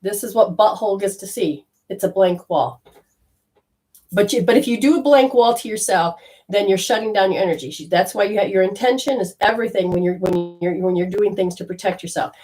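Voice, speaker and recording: Woman, spiritual medium, live channeling session, rambling, animated, loud-to-hushed swings. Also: medium pitch, brisk, low-quality recording.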